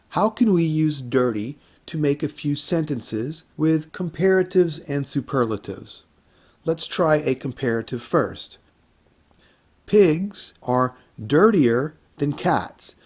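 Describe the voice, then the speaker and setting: A man teaching an English grammar lesson to learners, speaking deliberately and repeating words for them to hear. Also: fairly high pitch, darkish tone, husky. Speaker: English instructor.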